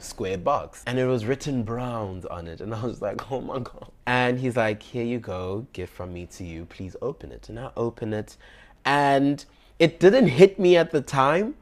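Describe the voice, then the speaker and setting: A young man, telling a personal story in an animated, dramatic way and acting out his own dialogue. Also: lowish voice. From South Africa.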